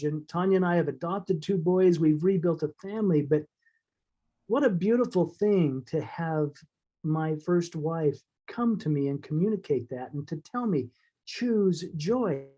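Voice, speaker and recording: Male guest, warm mellow tone, a bit high, halting heartfelt storytelling. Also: lo-fi sound. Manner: halting and heartfelt, with fillers and restarts. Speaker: interview guest. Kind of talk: emotional personal storytelling.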